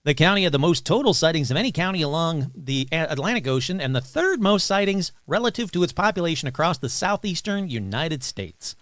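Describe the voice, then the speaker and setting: A man with a fairly high, lively voice reads paranormal news for his podcast and keeps breaking in with offhand, joking remarks. The sound is dry and close, with no room around it. His talk is loose and casual, full of quick reactions. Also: dry recording. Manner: reads news items aloud with joking asides. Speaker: podcast host. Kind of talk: casual news reading and commentary.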